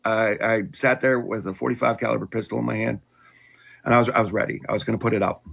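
Casting: middle-aged man with a husky voice, candid and unpolished, sharing a hard personal story. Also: on the low side, fairly even intonation, fast talker, a bit bright. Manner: candid, with frequent restarts and wry laughs. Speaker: guest telling his conversion story.

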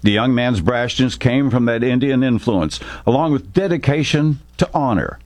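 A man's voice: mid-range voice, lively intonation, darkish tone, no echo. A man reading a military short story aloud, giving light voices to the soldiers. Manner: measured storytelling, voicing characters lightly. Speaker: narrator. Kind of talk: scripted story narration.

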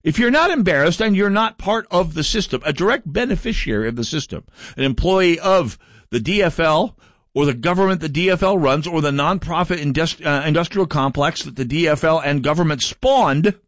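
A man's voice: fairly high pitch, lively intonation, a little fast, a bit bright, dry recording, clean studio sound. A middle-aged man from North Dakota hosting a political talk radio show, delivering a sardonic, mocking monologue.

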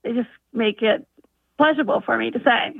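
Woman caller, high voice, tinny phone line, earnest and eager. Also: fairly quick, vocal fry, dry recording. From North Dakota, US. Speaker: caller, biology teacher. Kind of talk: phone-in call.

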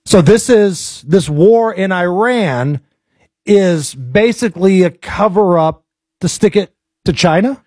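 An American man with a high, light voice hosts a political talk show. He is blunt and opinionated and fires off animated bursts of talk. The sound is dry and close. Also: slow, no room sound.

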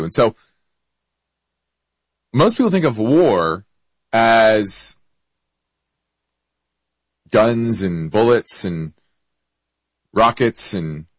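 A man's voice: on the low side, husky, no echo, low-quality recording. A man hosting an investment show, explaining markets and answering a listener's question, with hiccups and frequent self-corrections.

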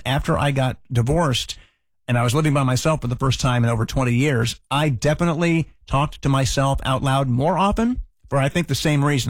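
A middle-aged man hosting a radio show, talking in a relaxed, chatty way with light self-mocking humor. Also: medium pitch, no room sound, clean studio sound. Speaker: radio host. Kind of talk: casual radio chat. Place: radio studio.

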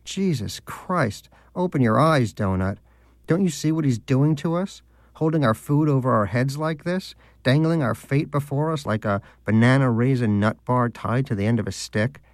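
A man voicing a cranky, skeptical male pet hamster who talks in a shrill, exasperated, sarcastic way, as an audiobook character. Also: normal speed, no room sound, clean studio sound, lightly acted.

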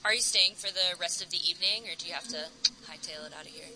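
Woman festival interviewer, brisk and friendly, very bright tone. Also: lowish voice, poor audio. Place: outdoor music festival.

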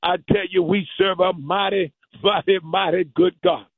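A man preaching a fervent sermon, rhythmic and repetitive, rising to high chanted peaks and dropping low again. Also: steady tone, measured pace, creaky, no room sound. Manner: rhythmic preaching with repeated "thank you, Jesus". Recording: tinny lo-fi radio broadcast.

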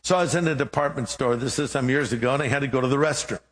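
A man's voice: mid-range voice, racing, a bit bright, big-room sound. A middle-aged man, a pastor, preaching a sermon and telling a humorous story with acted-out dialogue.

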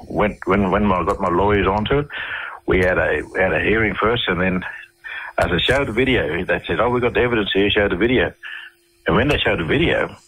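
A man with an Australian accent, telling a long story as a radio interview guest in a rambling, halting way with many fillers and restarts. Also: sits low, fairly bright tone, husky, rough recording.

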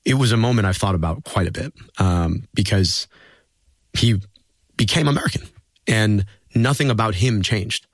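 A man's voice: fairly low pitch, moderate pace, no echo. A man, a political guest in an interview, telling personal stories in an earnest, reflective way. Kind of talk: conversational interview storytelling.

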